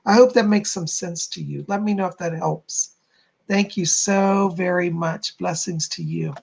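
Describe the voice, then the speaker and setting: A man's voice: high-pitched, unhurried, vocal fry. A man hosting a live stream, giving chatty, reassuring psychic readings and addressing viewers by name. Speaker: psychic medium, stream host.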